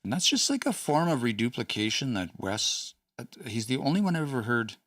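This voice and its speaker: A man's voice: medium pitch, big pitch swings, a little fast, a bit bright, no room sound, clean studio sound, far from the mic. A man hosting a casual study session, thinking aloud with hesitant restarts and small chuckles. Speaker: host studying a language.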